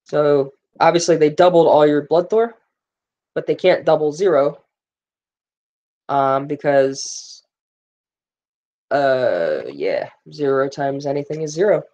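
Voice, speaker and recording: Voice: mid-range voice, animated, takes it slowly, long pauses, dark tone, lo-fi sound. A stream host casually going over game release notes, rambling with lots of fillers, reading numbers aloud and answering viewers in chat.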